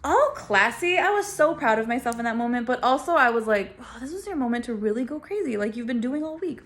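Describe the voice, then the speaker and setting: A woman telling her own story in a casual vlog. She talks in a sassy, animated way and laughs often. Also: a little high, fast talker.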